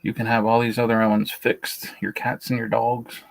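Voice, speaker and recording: A man's voice: medium pitch, monotone, normal speed, creaky, poor audio. A man hosting a beekeeping talk stream, blunt and opinionated, speaking with a shaky voice and often restarting his sentences. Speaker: beekeeping channel host. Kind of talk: casual livestream talk, reading and answering a list.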